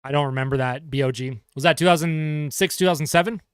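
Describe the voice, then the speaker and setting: A young man calling hockey play-by-play as a fan on a live stream, getting excited over the action and chatting with his viewers in between. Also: a little high, quick pace, clear, resonant tone, no room sound, studio quality. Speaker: livestream host and hockey fan commentator.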